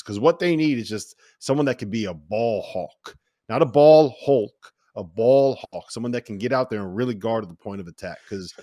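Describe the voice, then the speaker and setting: A man's voice: on the low side, dry recording, studio quality. A man hosting a college basketball podcast, steering the segment with energy and passing to his co-hosts. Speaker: podcast host. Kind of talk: casual sports chat.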